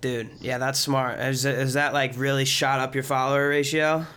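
A man's voice: mid-range voice, little pitch movement, normal speed, pushed and bright, clean tone. A young man hosting a podcast interview, upbeat and encouraging, calling his guest dude. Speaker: podcast host. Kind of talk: casual interview chat.

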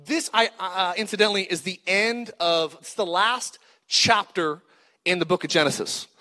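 A man's voice: high-pitched, normal speed. A man preaching a sermon to a congregation, reading scripture and prompting the crowd to repeat words back. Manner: lively preaching with call-and-response to the congregation. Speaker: pastor. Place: church auditorium. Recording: long reverb of a large church hall.

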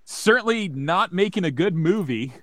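A man's voice: high voice, animated, normal speed, a bit bright, dry recording. A man in casual chat, cracking crude, sarcastic jokes.

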